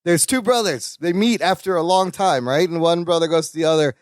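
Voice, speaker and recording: A man's voice: on the high side, a little fast, no echo, studio quality. A man co-hosting a podcast, chatting casually about a sitcom episode and acting out the characters' lines in voices. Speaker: podcast co-host. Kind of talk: casual chat recapping a sitcom.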